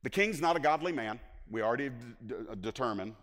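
Animated male pastor preaching in a hall. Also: medium pitch, fast. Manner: impassioned preaching, swinging between loud emphasis and hushed asides. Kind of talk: sermon.

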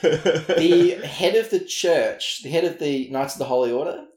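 Guy rambling on a podcast, lots of "like"s, bit high voice, echoey room. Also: measured pace, a little mellow. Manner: rambling, full of "like" fillers, laughs often. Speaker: podcast co-host. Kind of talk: casual chat. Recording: roomy echo.

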